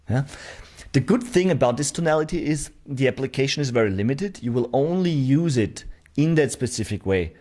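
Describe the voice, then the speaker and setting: A man's voice: mid-range voice, lively intonation, normal speed, a little mellow. A man teaching a sales course, demonstrating question tonalities and checking in often with the learner. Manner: talks straight to the learner, checking with "right?". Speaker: sales trainer. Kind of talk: online course lesson.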